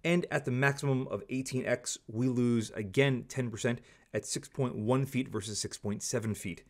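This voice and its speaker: A man's voice: medium pitch, moderate pace. A man giving a candid, opinionated product review, talking casually and repeating stock phrases. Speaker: scope reviewer.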